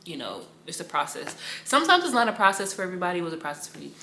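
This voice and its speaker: A woman's voice: lowish voice, sing-song, very fast, pushed and bright, echoey room, slight background noise. Young woman rambling through a faith testimony. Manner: casual, rambling storytelling with slang and repetition. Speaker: Bible study teacher.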